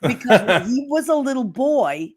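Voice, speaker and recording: A woman's voice: a little high, sing-song, normal speed. Gushing chatty woman host. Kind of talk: casual chat show.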